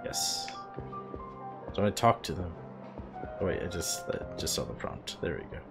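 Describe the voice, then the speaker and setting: A man's voice: low-pitched, big pitch swings, measured pace, vocal fry. A man streaming a game, wry and amused, commenting and reading the characters' lines aloud. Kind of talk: let's play commentary with dialogue read aloud. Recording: game music underneath.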